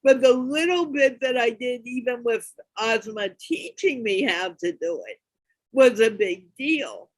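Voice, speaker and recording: A woman's voice: on the high side, expressive, unhurried, no room sound, poor audio. A woman hosting a talk show, speaking earnestly and breaking into exclamations when she acts out her examples. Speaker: host. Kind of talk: casual talk show chat.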